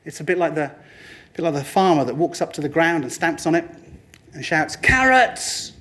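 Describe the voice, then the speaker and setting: Guy doing a lively training talk, highish voice, acts out little quotes. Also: brisk. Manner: animated, putting on other people's voices in quoted asides. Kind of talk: lively motivational presentation.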